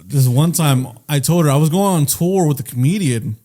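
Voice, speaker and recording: A man's voice: fairly high pitch, moderate pace, warm tone. A man co-hosting a comedy podcast, telling rambling, profane stories with frequent laughs. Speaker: podcast co-host. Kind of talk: casual comedic chat.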